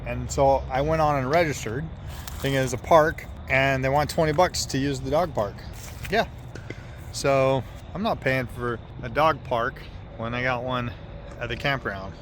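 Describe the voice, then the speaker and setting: A middle-aged man narrates a family vlog in a relaxed, joking tone. His voice sits at an ordinary pitch. Outdoor traffic and vehicle noise are clearly heard around him. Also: moderate pace. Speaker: family vlogger, father.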